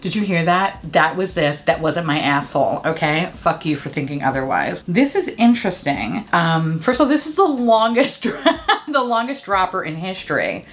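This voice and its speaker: A woman beauty vlogger chatting casually as she does her makeup and tells a story, candid, profane and quick to laugh. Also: lowish voice, big pitch swings.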